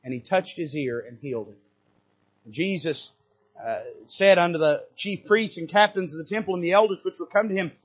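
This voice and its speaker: A man preaching a sermon from a church pulpit, moving between quiet asides and loud, rising bursts of passion. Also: high-pitched, moderate pace, husky. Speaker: pastor. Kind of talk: fiery sermon.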